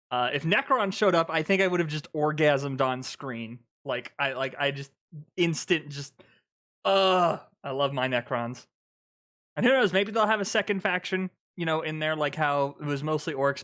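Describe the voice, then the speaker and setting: A man streaming live, reacting to a trailer with excited, swear-filled gushing like a fanboy. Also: a little high.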